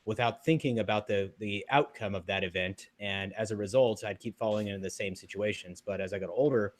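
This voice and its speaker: A young man in casual group discussion, an animated storyteller who laughs often. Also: on the low side, brisk, no echo.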